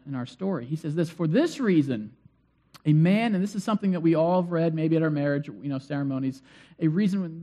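A man preaching a sermon to his congregation, telling stories in a conversational, animated way, asking the crowd questions and repeating phrases for emphasis. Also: fairly high pitch. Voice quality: conversational, animated storytelling with acted-out cries. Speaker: pastor.

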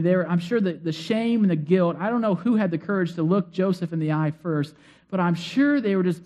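A man's voice: high-pitched, darkish tone. A man preaching a sermon and retelling a story in a conversational way, acting out the figures' lines. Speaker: pastor.

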